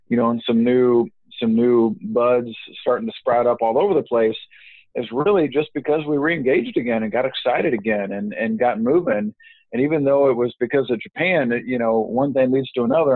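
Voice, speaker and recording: A man's voice: medium pitch, dry recording. Rambling man on a tinny phone line. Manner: rambling, many fillers and restarts. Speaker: interview guest, business networker. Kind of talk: casual phone interview.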